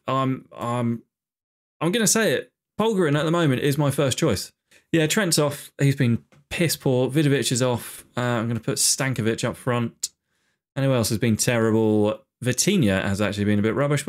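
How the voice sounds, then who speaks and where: A man giving casual, exasperated running commentary on his own video game play, with sarcastic asides about his team. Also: mid-range voice. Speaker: gaming video host.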